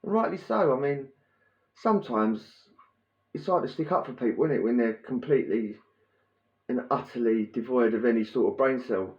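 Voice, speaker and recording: A man telling a prison story in a casual, animated way, laughing and acting out the scene with sound effects. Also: medium pitch, normal speed. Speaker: podcast host telling prison stories. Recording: roomy, dull lo-fi sound.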